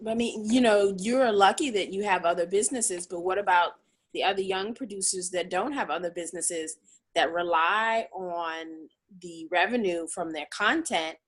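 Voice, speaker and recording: Low-voiced female co-host asking questions. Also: normal speed. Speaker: podcast co-host. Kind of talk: casual discussion.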